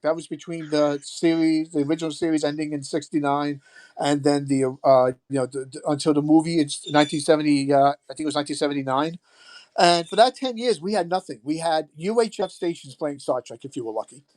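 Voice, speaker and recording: An older man in his sixties, talking as a podcast guest in a slightly higher voice than most men. He rambles, pausing often with "uh" and "you know", in a relaxed, conversational way. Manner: rambling, with many hesitations. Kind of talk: casual chat.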